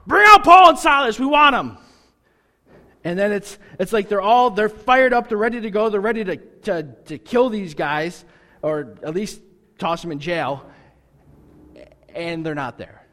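A man preaching with a somewhat high voice that trails into a long hall reverb. He keeps it lively and playful, doubling back on his words as he goes. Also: unhurried. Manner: lively, joking, repeats words when restarting. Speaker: pastor. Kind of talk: sermon.

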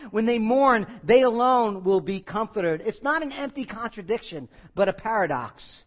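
Guy preaching a sermon, kinda high voice, earnest w/ little jokes, dull lo-fi audio. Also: expressive, moderate pace, long reverb tail. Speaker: pastor.

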